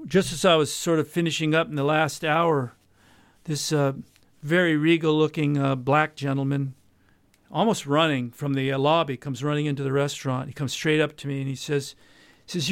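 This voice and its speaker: A man, a jazz guitarist and podcast host from Southern California, telling a long anecdote in a casual interview, with many pauses and quoted dialogue. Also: fairly high pitch, flat delivery, clean tone, no echo. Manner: rambling anecdote with many uhs, quoting others.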